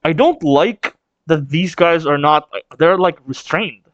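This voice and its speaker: A man's voice: fairly high pitch, takes it slowly, fairly bright tone, no room sound, lo-fi sound. A man hosting a casual manga read-along reaction, rambling with restarts and casual swearing.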